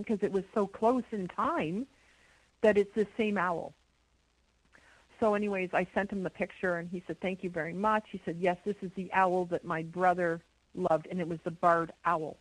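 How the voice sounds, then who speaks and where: A middle-aged woman from Canada, a guest in an interview, telling a story in an animated way with many repeated words. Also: mid-range voice, no room sound, low-quality recording. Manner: animated, repeats words, imitates owl hoots.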